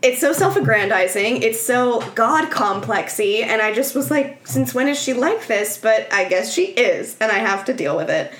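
A woman's voice: a little high, moderate pace, few pauses, echoey room. A woman chatting casually as a podcast co-host, telling a story with lots of acted-out quotes and frequent laughter. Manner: animated storytelling, acts out quotes, laughs often. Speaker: podcast co-host recapping a film. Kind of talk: casual chat.

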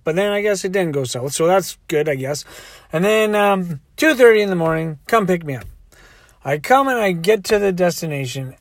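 A man's voice: high voice, dry recording, clean studio sound. A man telling a rambling story in a casual way, acting out the quotes.

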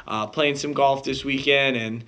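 A man's voice: medium pitch, fairly even intonation, a little slow, pushed and bright, clean tone. A man co-hosting a podcast, joking and rambling with plenty of swearing. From United States. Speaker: podcast co-host. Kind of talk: casual chat.

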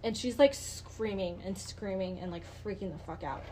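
A woman's voice: mid-range voice, normal speed, warm tone, a little hiss or hum, low-quality recording. A woman hosting a podcast, telling a true-crime story in a casual, chatty way, with swearing and lots of "like" and "um". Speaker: podcast host.

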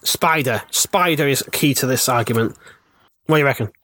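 A man's voice: medium pitch, normal speed, bright, forceful tone. A man hosting a casual chat, joking and laughing as he steers the talk. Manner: jokey, laughs a lot, leads the talk. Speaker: podcast host.

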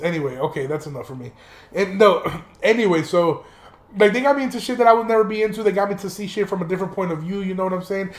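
High-voiced young man telling stories in an echoey room. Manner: profane, rambling, laughs while telling. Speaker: podcast host. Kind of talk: casual storytelling monologue.

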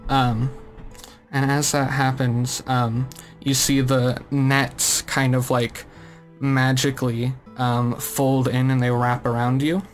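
A man in a relaxed, loose, filler-heavy way, narrating as game master of a tabletop game. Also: medium pitch, takes it slowly, faint music behind.

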